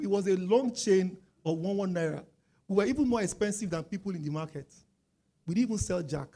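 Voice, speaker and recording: Lively Nigerian man preaching. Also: high-pitched, quick pace. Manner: lively, acts out quoted voices, rises to loud emphatic stretches. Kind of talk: sermon.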